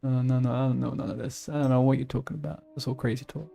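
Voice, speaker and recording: A man's voice: mid-range voice, flat delivery, quick pace, creaky, dark tone. A man streaming a video game live, chatting casually with teammates and viewers, joking and grumbling at the game. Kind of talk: casual live-stream chat while gaming.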